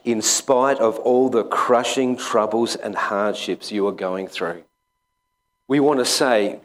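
A man, a school chaplain, preaching a sermon in a conversational, halting way with many pauses and restarts. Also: on the low side. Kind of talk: sermon with personal story.

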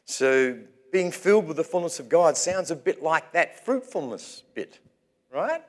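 A man preaching a sermon in a church as its pastor, speaking in measured phrases with pauses between them. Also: a little high, animated.

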